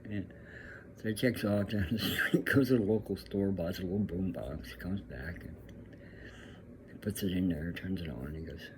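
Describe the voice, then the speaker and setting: A man's voice: deep voice, a little slow, a little mellow, a little hiss or hum. An older man from California, a professional musician, telling a rambling, fond story and acting out the lines of the people in it. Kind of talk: personal storytelling.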